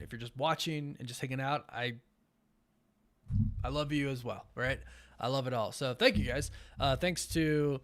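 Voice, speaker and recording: A tired young man hosting a late-night live stream, rambling casually with many fillers as he thanks his viewers. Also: medium pitch. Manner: enthusiastic, warmly thanks viewers. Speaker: host of a live watch party stream.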